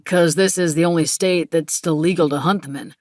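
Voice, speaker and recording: A woman's voice: on the low side, steady tone, brisk, darkish tone, dry recording, clean studio sound, close to an everyday voice. A woman voicing a polite, smug middle-aged man with an American accent, speaking in an easygoing, dismissive way.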